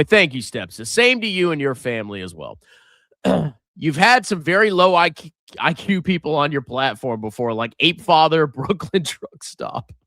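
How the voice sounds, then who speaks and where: A man's voice: high voice, creaky, fairly bright tone, no room sound, clean studio sound. A middle-aged man hosting a finance livestream, chatting casually and sarcastically, mocking viewers and putting on silly voices. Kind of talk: casual livestream chat reading superchats.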